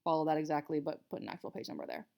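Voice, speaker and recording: A woman's voice: low voice, very animated, rapid-fire, gravelly, dark tone. A young woman teacher explaining a writing assignment to students in a casual, chatty way, with many fillers. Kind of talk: casual recorded writing lesson.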